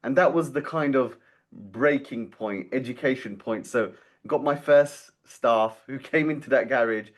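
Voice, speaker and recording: Man in his forties telling a lively story. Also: medium pitch, measured pace. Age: 40s. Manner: animated storyteller who acts out quoted dialogue. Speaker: guest, dental marketing founder. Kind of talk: storytelling interview.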